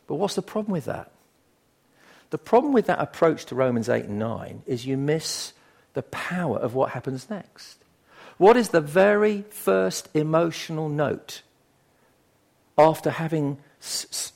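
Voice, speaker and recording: Gravelly older male preacher. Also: on the high side. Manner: conversational, emphatic, swings from quiet asides to loud bursts. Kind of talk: sermon.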